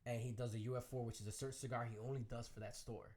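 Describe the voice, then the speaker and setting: A man with a Chicago accent talks quickly through a long anecdote, the words tumbling out. He keeps a middle pitch and slips into the voices of the people he quotes. The talk is a relaxed interview. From Chicago area. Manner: animated storyteller, acts out quoted voices. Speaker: guest DJ. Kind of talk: casual interview storytelling.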